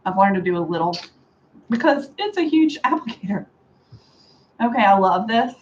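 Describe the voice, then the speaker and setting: A woman chatting casually through a hair styling tutorial at home, sarcastic and quick to laugh. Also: medium pitch, animated, dull audio. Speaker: beauty vlogger. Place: home room with a fan.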